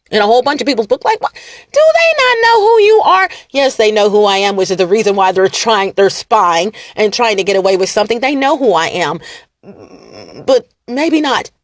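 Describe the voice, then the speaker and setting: Mocking, animated woman ranting. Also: a little high, dry recording, clean studio sound. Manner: animated and mocking, laughing, repeating lines for emphasis. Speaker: vlogger. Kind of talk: casual ranting monologue to camera.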